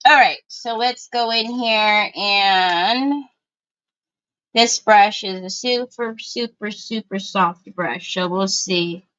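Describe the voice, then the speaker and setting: A woman's voice: mid-range voice, slow pace, fairly bright tone, clean tone, highs cut off. A woman hosting a casual crafting livestream, chatting to viewers and calling out to her family as she works. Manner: chatty, breaks off to call to family.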